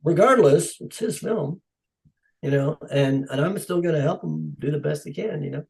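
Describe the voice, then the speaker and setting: A man's voice: on the high side, moderate pace, creaky, low-quality recording. A middle-aged man, a stunt coordinator, telling stories in a casual podcast interview and acting out the dialogue with animation. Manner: animated, acts out quoted dialogue. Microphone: podcast microphone.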